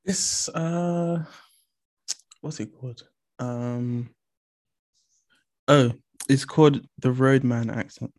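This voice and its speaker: A woman's voice: very deep voice, fairly even intonation, extremely slow, pauses often, a little mellow. A woman from London with a London accent, a guest chatting casually and teasing with dry humor. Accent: London English. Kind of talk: casual chat.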